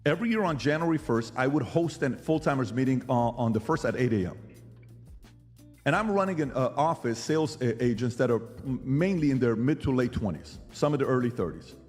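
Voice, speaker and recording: A man's voice: medium pitch, lively intonation, a little fast, big-room sound, faint music behind. A middle-aged man hosting a podcast who argues emphatically, firing rhetorical questions and mimicking other people's lines. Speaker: podcast host. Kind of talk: animated debate monologue.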